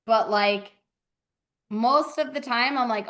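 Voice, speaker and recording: A woman's voice: a little high, takes it slowly, pauses often, a bit bright. A woman telling stories in a casual chat, acting out quoted people and saying "like" a lot, as an indie yarn dyer. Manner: chatty storyteller, acts out quoted voices, lots of "like".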